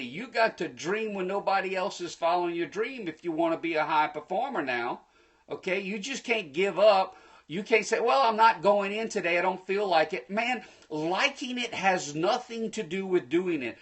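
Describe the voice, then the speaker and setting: A man giving a live-streamed motivational talk, preachy and energetic, speaking to viewers through a phone. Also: sits high, husky. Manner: energetic, preachy, bursts into excited shouts; folksy, addresses viewers directly. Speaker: motivational speaker hosting a livestream.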